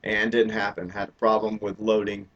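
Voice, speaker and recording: A man's voice: on the low side, monotone, normal speed, a bit bright. A man hosting his own live stream, chatting casually and poking fun at himself, with lots of filler words. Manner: rambling and self-deprecating, many filler words. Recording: dull lo-fi live stream audio.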